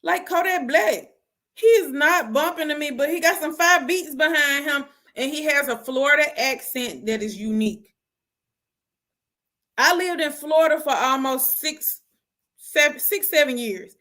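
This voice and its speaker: A young woman hosting her own show, giving casual opinions on music in an animated, slangy way. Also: high voice, unhurried. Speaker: host.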